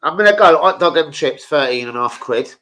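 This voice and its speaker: Man, middle-aged, fairly high voice, bright tone, sweary casual banter. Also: a little fast, poor audio. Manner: animated, sweary banter with viewers. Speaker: football fan channel host. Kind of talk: casual livestream chat.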